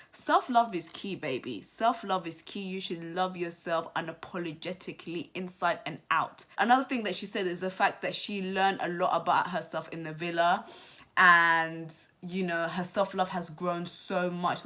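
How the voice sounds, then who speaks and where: A young woman commenting on a reality TV episode to her channel viewers, chatty and animated, repeating herself and saying "like" often. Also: fairly low pitch. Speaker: YouTube reality show commentator. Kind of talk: casual commentary to camera.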